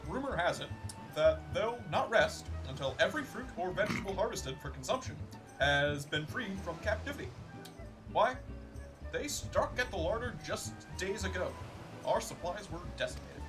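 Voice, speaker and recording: A man voicing a pompous, theatrical gentleman inspector who speaks in grand, formal phrases, over game music. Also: sits high, expressive, moderate pace, poor audio. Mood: grandiose. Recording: music playing underneath.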